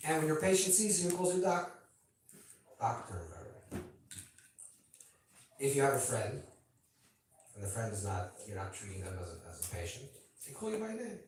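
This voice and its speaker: Rabbi teaching in a very echoey room. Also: male voice, mid-range voice, very animated, normal speed, pauses often, far from the mic, slight background noise. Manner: conversational, keeps checking in with listeners; playful asides and banter with the audience. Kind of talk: informal teaching talk at a gathering.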